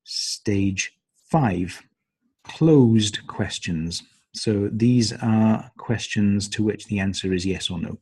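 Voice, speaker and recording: A low-pitched, husky male voice takes listeners through the stages of a lesson plan. He speaks slowly and deliberately, and he often fills his pauses with ums and uhs. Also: darkish tone. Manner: hesitant, many ums and uhs. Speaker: teacher trainer. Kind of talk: instructional walkthrough of a lesson plan.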